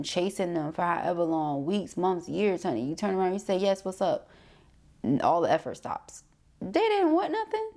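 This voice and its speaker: A woman giving a tarot reading straight to her viewers, talking in a loose, slangy way. She is sassy and blunt, breaks into quick laughs, and calls her listeners honey and child. Her speaking voice sits a little low for a woman. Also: darkish tone. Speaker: tarot reader and spiritual coach. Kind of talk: casual chat to viewers.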